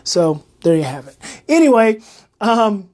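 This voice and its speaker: A woman who is a parenting educator, talking in a casual monologue. She is animated, repeats her phrases and gets worked up. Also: mid-range voice, a little slow.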